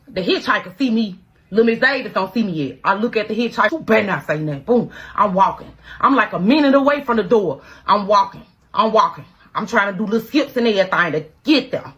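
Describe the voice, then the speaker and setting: A woman's voice: a little high, bright, forceful tone, husky, no room sound, low-quality recording. A woman telling a dramatic storytime in slangy, punchy talk full of sound effects. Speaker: storytime creator. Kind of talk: animated storytime.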